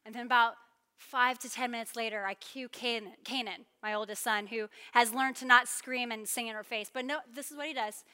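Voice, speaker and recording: Preacher, female, 30s, high bright voice, lively storytelling sermon in a reverberant hall. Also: a little fast, clean tone. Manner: animated storytelling with playful asides.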